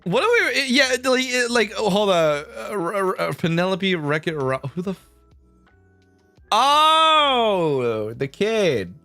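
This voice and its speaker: A man's voice: high voice, very animated, slow pace, pushed and bright, no room sound, soft background music. A young man streaming casual chat, rambling and swearing a lot, laughing often.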